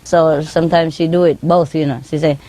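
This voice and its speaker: A woman's voice: sits low, fairly even intonation, a little fast, dark tone, no room sound, rough recording. A woman speaking as a spiritual teacher, telling informal stories to an audience in non-native English, laughing often and mimicking her birds' calls. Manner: non-native English grammar, frequent "you know". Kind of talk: informal anecdote told to an audience.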